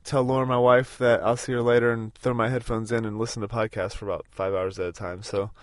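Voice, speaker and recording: A man's voice: lowish voice, little pitch movement, fast talker, no echo, studio quality. A man in his thirties hosting a podcast in a casual, rambling way, with lots of fillers and restarts. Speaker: podcast host. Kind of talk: casual spoken podcast recorded on a road trip.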